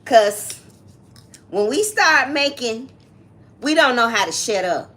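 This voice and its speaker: A woman's voice: fairly high pitch, animated, takes it slowly, fairly bright tone. A woman, co-hosting a casual chat and chiming in often with agreement. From Atlanta, Georgia, US. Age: 30s. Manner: chatty, frequent agreeing interjections. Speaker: co-host, daughter.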